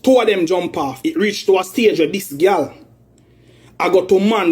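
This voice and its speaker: A Jamaican man with a high-pitched voice delivers a heated rant in thick patois. He sounds aggrieved and accusing, circling back over the same points again and again. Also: moderate pace, darkish tone. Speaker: man airing a family dispute.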